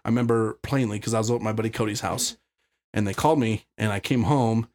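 A man's voice: fairly low pitch, steady tone, fast talker, darkish tone. A man from Utah, a podcast guest, telling his story in casual, blunt talk full of profanity and restarts.

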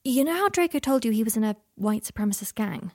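A woman voicing a caring young wizard man in a storybook reading, speaking softly. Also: a little high, animated, fast talker. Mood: earnest.

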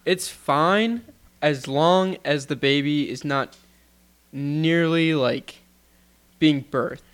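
A young man co-hosting a casual podcast, agreeing readily and chiming in with quick reactions. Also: on the high side, smooth. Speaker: podcast co-host. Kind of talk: casual chat.

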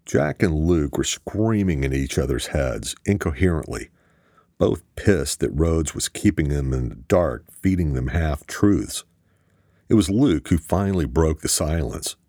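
Deep deep male narrator reading a thriller, expressive, dry close sound. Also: unhurried, dry recording. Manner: steady storytelling. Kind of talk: audiobook narration.

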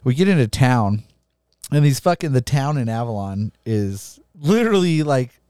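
A man at a middle pitch spins a rowdy story for his podcast, swearing freely and laughing through it. When he quotes himself or others, his voice leaps higher. The sound is close and dry, with no room around it. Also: very animated, moderate pace, warm tone, smooth, no echo. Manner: profane, laughing, acts out his own lines in a higher voice. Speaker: podcast co-host. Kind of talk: casual storytelling chat.

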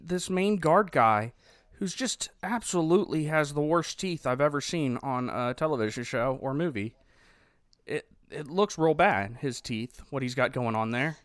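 Bright-voiced sarcastic podcast host. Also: male voice, a little high, clear, resonant tone, no room sound, studio quality. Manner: sarcastic, joking, often laughing. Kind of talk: casual movie-review chat.

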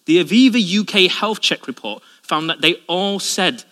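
A young male pastor delivering a sermon in a church hall, his tone bright and forceful. He tells stories with animated acted-out dialogue, and his voice trails into a long hall reverb. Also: sits high, normal speed. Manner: lively storytelling with acted-out dialogue.

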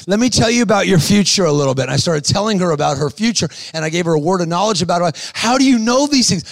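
High-voiced preacher man, animated and dry. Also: fast talker, vocal fry, no room sound. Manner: animated storytelling, acts out quoted voices; exhorting, calls out to the crowd. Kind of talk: sermon.

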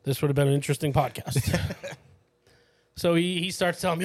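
Podcast co-host man, fairly high voice, dry close sound; lively storyteller who acts out the people in his story. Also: moderate pace, gravelly, slightly rough, dry recording. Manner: animated storyteller, acts out quoted people in a higher voice; swears casually, many restarts. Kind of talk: casual storytelling chat.

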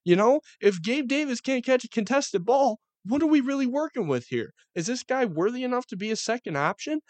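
A young man with a Western New York accent giving casual, profane sports commentary as a podcast host, rambling and excitable. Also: extremely high pitch, a little fast, dry recording.

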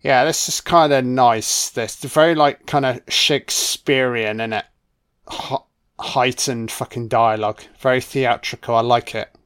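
A man's voice: medium pitch, steady tone, a little slow, a bit bright, clear, resonant tone. A man giving a casual, profane running commentary on a film, making admiring asides as he watches.

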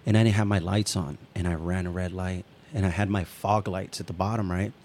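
A man's voice: low voice, fairly even intonation, a little fast, a little mellow, slight background noise. A man co-hosting a casual podcast, telling long personal anecdotes and swearing freely. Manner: swears freely, rambling anecdotes, acts out quotes. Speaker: podcast co-host. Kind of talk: casual storytelling chat.

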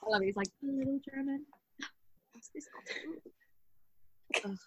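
A woman's voice: medium pitch, moderate pace, husky, dry recording, lo-fi sound. A woman in casual chat, recapping a TV episode, swearing freely and acting out quotes.

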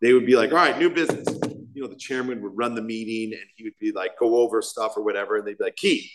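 A man's voice: fairly low pitch, little pitch movement, very fast. Rambling man telling his recovery story. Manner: rambling, self-mocking storytelling with many fillers. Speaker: recovery meeting speaker. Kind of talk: personal story at a recovery meeting. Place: meeting hall. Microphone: podium microphone.

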